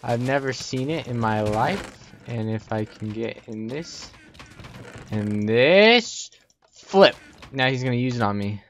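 A young man giving jumpy, excitable commentary while playing a Minecraft survival match, talking to himself and often yelping in panic. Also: mid-range voice, slow pace, slight background noise. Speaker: gaming YouTuber. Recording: slightly dull lo-fi audio.

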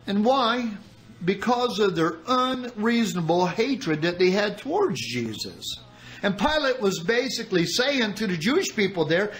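A man preaching a sermon, reading scripture aloud and explaining it with dramatic pauses. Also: sits high, fairly bright tone, low-quality recording. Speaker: pastor.

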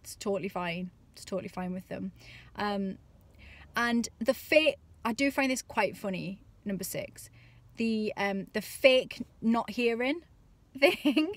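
Woman, 30s, parenting vlog, chatty, exasperated, mid pitch, dry close sound. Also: lively intonation, slow, no echo. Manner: chatty, exasperated, acts out voices. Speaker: parenting vlogger. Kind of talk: casual comic monologue to camera.

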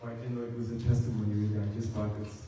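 A man from Zimbabwe giving a church testimony to an audience, measured and reflective, with pauses and fillers. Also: fairly low pitch, monotone, dark tone. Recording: echoey hall, distant mic, faint hiss.

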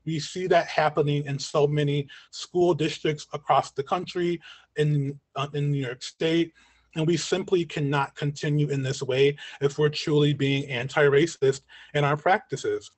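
A man giving an online lecture as a community educator, earnest and talking in long chains of points, often checking in with a quick "right?", his voice getting worn. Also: on the high side, fairly even intonation, no room sound. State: losing his voice. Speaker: community educator and guest speaker. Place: at home on a video call. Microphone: video call mic.

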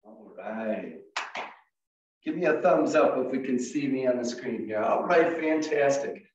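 A man's voice: mid-range voice, lively intonation, a little slow, a little hiss or hum. A man leading young children through a story activity in an online class, playful and singsong, coaxing them into call-and-response. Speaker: early childhood educator presenting an online class. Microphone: video call. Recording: echoey, distant, dull video-call audio.

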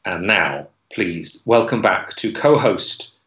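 A man hosting an online comedy club, delivering deadpan stand-up in a hesitant way with lots of filler words. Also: on the low side, moderate pace, reverberant, rough recording. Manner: hesitant, many fillers and restarts, dry delivery.

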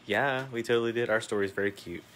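A man's voice: mid-range voice, fairly even intonation, fast talker, fairly bright tone. A man co-hosting a casual craft livestream, reading viewer comments aloud and joking along.

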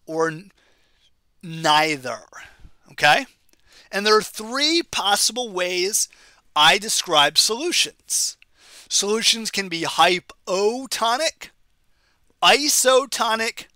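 A male biology teacher with a high, bright voice gives a recorded lecture. He talks in a chatty, playful way and keeps checking in with his students. The sound is dry and close. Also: dry recording. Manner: conversational, checks in with "okay?" and "right?"; playful, uses memory tricks.

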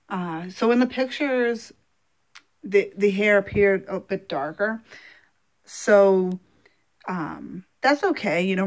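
A woman doing a casual unboxing vlog, speaking gently and haltingly with many fillers, emotional and holding back tears. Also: mid-range voice. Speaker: doll collector vlogger.

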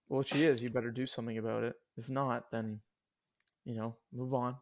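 A man's voice: mid-range voice, little pitch movement, brisk, highs cut off. A young man co-hosting a podcast in casual chat, laid-back and joking, with slangy asides. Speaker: podcast co-host.

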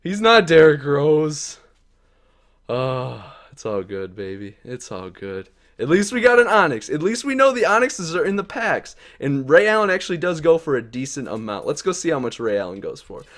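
A man's voice: fairly high pitch, sing-song, normal speed. Hyped young man streaming pack openings. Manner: hyped, talks to the player cards, swings from muttering to yelling. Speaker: streamer opening game card packs. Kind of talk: excited live-stream commentary.

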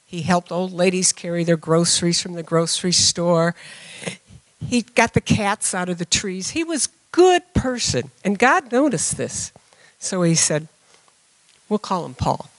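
A church member telling a long joke to the congregation in an animated storytelling way. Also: mid-range voice, measured pace, dry recording.

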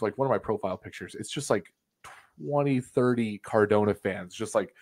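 A man telling a story on a podcast as a guest, animated and swearing freely. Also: fairly low pitch. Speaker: wrestling videographer guest.

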